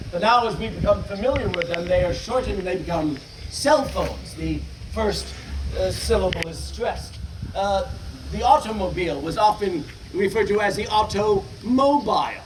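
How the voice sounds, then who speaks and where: A man performing a live comic poetry show outdoors, teasing the crowd in a wry, crude way. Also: sits high. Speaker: poet performing a stage show. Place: outdoor stage in a meadow with benches. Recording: distant echoing outdoor live recording, noisy.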